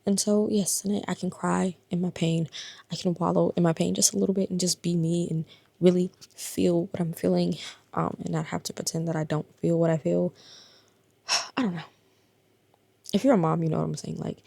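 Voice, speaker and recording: A woman in her thirties, worn out and in pain, talks casually to her vlog viewers in a low, gravelly, dark voice that sometimes drops into a breathy whisper. She sounds tired and confiding, her pitch barely shifting, and the recording is close and dry with no echo.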